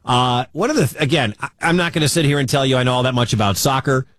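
American guy on sports radio, rambly and animated, super dry booth sound. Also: mid-range voice, fast, no echo. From United States. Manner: chatty and animated, rambling with restarts. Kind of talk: casual sports talk radio.

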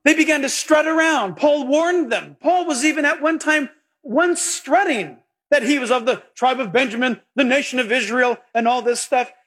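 A male pastor with a high, husky voice delivers an animated sermon. He slips into little acted voices for the people in his stories. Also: normal speed. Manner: animated preaching, acting out quoted voices.

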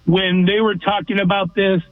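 A man's voice: sits high, little pitch movement, normal speed, no echo. A man from Southern California calling in to a sports radio show, with blunt and emphatic opinions. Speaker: regular caller. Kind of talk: call-in sports talk radio. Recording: tinny phone line, dry.

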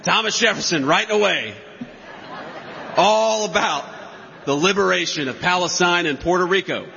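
A man's voice: high-pitched, moderate pace, gravelly, noisy background. A man giving a campaign rally speech in a large hall, emphatic and mocking with sarcastic asides. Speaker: political speaker. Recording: lo-fi, long hall reverb.

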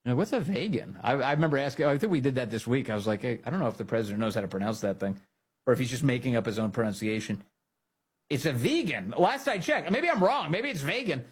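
Male talk host, husky voice, sarcastic and lively, quick laughs, squeaky asides. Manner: mocking, animated, laughs often, high-pitched jabs. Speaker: podcast host. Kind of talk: political commentary show.

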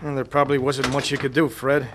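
An actor in a radio drama playing a chatty, friendly duck-hunting buddy. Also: male voice, medium pitch, flat delivery, fast talker, noisy background, lightly acted. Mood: easygoing.

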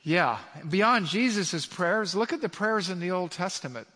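A man's voice: high voice, expressive, a little slow, bright, forceful tone. Emphatic preacher man in a reverberant hall. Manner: emphatic, asks the audience rhetorical questions. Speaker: pastor. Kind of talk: sermon.

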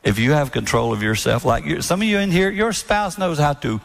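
A man giving a sermon-style talk on marriage to an audience, earnest and storytelling, sometimes acting out soft-spoken quotes. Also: a little high, brisk, gravelly, few pauses. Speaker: speaker on marriage.

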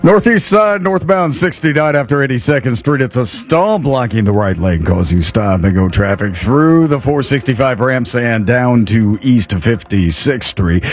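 A man giving a radio traffic report and sponsor read in a brisk, clipped broadcast style. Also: mid-range voice, breathy edge.

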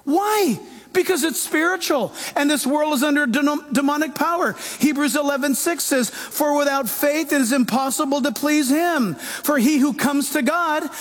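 A man pastor preaching a sermon in an animated way, acting out quoted voices. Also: extremely high pitch, normal speed.

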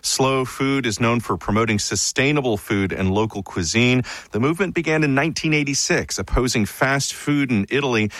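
A man reading a radio news bulletin in a crisp, brisk manner. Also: medium pitch, fairly bright tone, no room sound. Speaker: newscaster. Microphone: studio microphone.

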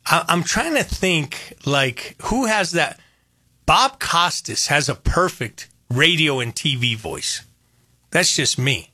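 Older dude on a radio show, husky and bright, voice bouncing all over, keeps repeating himself. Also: male voice, a little high, slow, no echo, studio quality. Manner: animated, storytelling, repeats phrases. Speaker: radio host. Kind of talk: casual radio chat.

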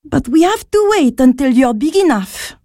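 A woman's voice: sits high, sing-song, moderate pace, dark tone, no echo, studio quality. A woman voicing a kind, motherly older sister who speaks soothingly and patiently in an audio drama.

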